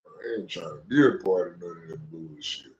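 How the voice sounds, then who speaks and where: A man's voice: low-pitched, normal speed. Young man ranting on an echoey stream. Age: young adult. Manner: animated ranting storyteller, slangy. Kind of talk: casual livestream chat. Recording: echoey, dull lo-fi audio.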